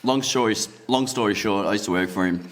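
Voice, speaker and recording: A man with an Australian accent, a boxer guest on a podcast, telling stories in a relaxed way and laughing often. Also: on the low side, a little fast. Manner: laid-back storyteller, laughs often, Australian slang. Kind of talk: casual podcast chat.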